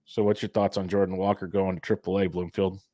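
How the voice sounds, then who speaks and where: A man's voice: sits low, level tone, fairly quick, warm tone, no echo, studio quality. A man co-hosting a fantasy baseball podcast, talking casually and a bit sarcastically. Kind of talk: casual sports chat.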